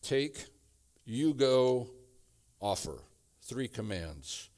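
A man preaching a sermon, slow and emphatic, building to repeated phrases. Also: mid-range voice, sing-song, darkish tone. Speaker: pastor.

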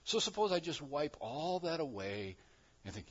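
A man preaching a sermon as pastor, moving between quiet reflective passages and loud, emphatic declarations. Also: a little high, very animated, moderate pace, slightly rough, muffled recording.

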